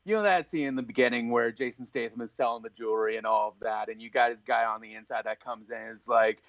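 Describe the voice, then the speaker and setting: A man's voice: mid-range voice, quick pace, dry recording, lo-fi sound. A man co-hosting a casual podcast, bantering playfully. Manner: animated, laughs often, playful banter. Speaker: podcast co-host.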